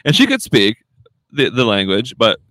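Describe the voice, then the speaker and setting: A man's voice: medium pitch, wildly swooping pitch, normal speed, a bit bright, no room sound. A young man hosting a podcast, telling stories in loose, profane, casual banter. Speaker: podcast host.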